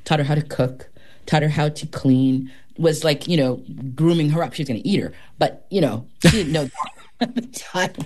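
A professional storyteller speaks at a middle pitch as an interview guest. The delivery is dramatic and expressive, with sound effects worked into the tales. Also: moderate pace.

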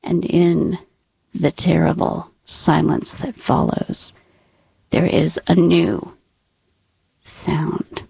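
A woman in her thirties telling a true story to an audience, wry and deadpan, dropping to a whisper in the tense parts. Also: low voice, slow, gravelly, breathy edge, no room sound. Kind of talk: live personal storytelling.

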